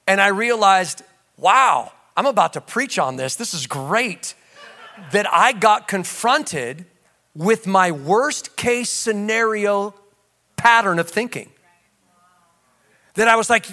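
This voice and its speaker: A man preaching a sermon as pastor, animated, swinging from shouts to low asides and calling out to the congregation. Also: slow, long pauses. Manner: conversational storytelling with audience call-outs.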